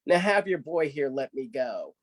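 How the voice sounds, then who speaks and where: A man voicing a hotheaded male rabbit trickster who shouts in loud, exasperated bursts. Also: very animated, moderate pace. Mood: grumbling. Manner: loud, exasperated, high-pitched outbursts.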